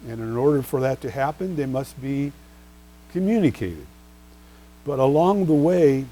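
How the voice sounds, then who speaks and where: A man delivers a law review lecture in a mellow, relaxed voice, posing questions to his listeners and answering them himself. He leans on key terms and spells out case names, and a faint hum sits under the recording. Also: medium pitch, low-quality recording. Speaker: bar exam lecturer.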